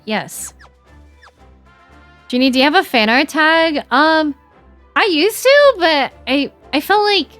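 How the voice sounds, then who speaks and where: A young woman chatting casually while streaming a game, animated and giggly, with lots of "like" fillers. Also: sits high.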